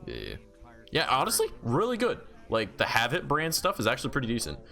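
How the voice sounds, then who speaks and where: A man's voice: medium pitch, wildly swooping pitch, a little fast, creaky, pushed and bright. A man streaming and chatting casually, telling a story full of swearing and "like" fillers. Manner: swears freely, lots of "like" fillers.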